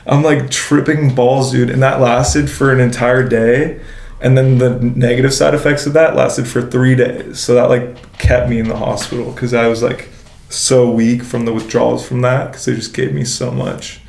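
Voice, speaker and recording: A man's voice: mid-range voice, level tone, normal speed, vocal fry, darkish tone. A young man telling a story in casual chat, slangy, swearing a lot and filling his speech with "like". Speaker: guest. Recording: echoey room.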